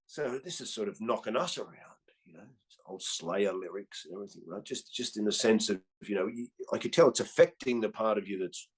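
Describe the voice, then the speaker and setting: A man in his fifties with an Australian accent, swearing freely and tagging his lines with "right?" as he tells animated stories in a casual chat. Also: fairly low pitch, brisk, breathy edge. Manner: animated storyteller. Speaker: guest comedian.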